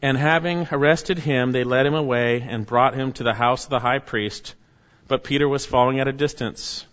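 A man's voice: mid-range voice, fairly even intonation, normal speed, a bit bright. Male preacher, earnest sermon, reads verses then explains, long hall echo, dull lo-fi sound. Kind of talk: expository sermon.

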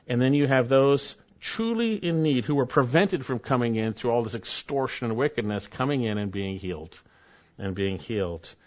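Emphatic preacher man, muffled. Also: mid-range voice. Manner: emphatic, repeats key phrases, swings from loud to soft. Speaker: pastor. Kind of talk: expository sermon.

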